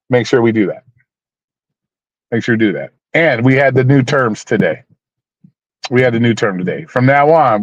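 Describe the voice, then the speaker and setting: A man's voice: mid-range voice, no echo. Rambling guy, dull dry stream audio. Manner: rambling, repeats himself, talks to chat by name; blunt, swears, mock-preachy. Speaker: livestream host. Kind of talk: casual livestream chat.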